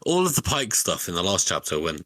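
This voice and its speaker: A man's voice: low voice, very animated, a little fast, sharp tone, no room sound. A man co-hosting a book podcast, explaining things in an easygoing way. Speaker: podcast co-host. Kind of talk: casual book discussion.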